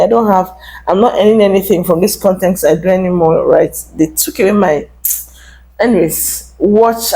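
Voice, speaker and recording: A woman's voice: fairly low pitch, rough recording. A young adult woman vlogger giving emphatic, casual commentary straight to her viewers. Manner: animated, emphatic, addresses viewers directly.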